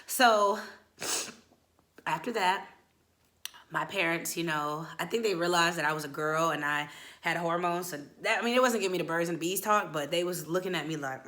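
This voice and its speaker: A young woman telling a story in a casual vlog, acting out voices and breaking into high, wailing pleas. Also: a little fast. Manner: animated, acts out voices, swings into high wailing pleading.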